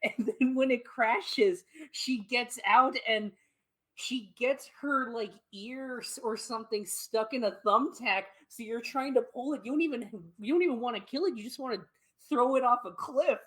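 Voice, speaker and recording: On a gaming podcast, a female co-host retells a game scene in casual conversation, cursing freely and laughing throughout. Her voice is on the high side and fairly bright, at normal speed, though the audio quality is poor.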